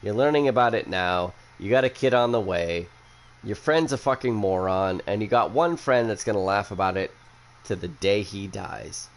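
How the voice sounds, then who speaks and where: A man's voice: fairly low pitch, animated, normal speed. A young man hosting a casual chat, who rambles bluntly and swears a lot after a few drinks. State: has been drinking. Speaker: podcast host.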